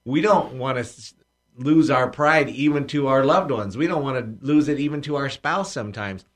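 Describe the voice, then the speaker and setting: A man's voice: medium pitch, normal speed. A man co-hosting a Christian radio talk show, making his point emphatically and acting out sample apologies. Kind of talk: preaching conversation.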